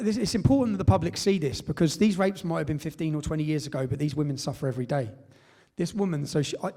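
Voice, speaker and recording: A man's voice: fairly high pitch, creaky, a little mellow. A man with an English accent giving a blunt, emphatic storytelling talk to a live audience, often tagging lines with "yeah?". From England. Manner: blunt, emphatic, with tag questions. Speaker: guest speaker.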